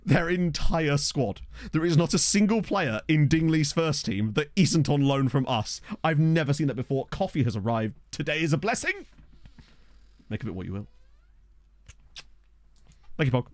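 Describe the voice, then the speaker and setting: A man's voice: a little high, lively intonation, moderate pace, long pauses, darkish tone, no echo. A man streaming a game, chatting casually and thinking aloud as he talks to his viewers. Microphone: desk microphone.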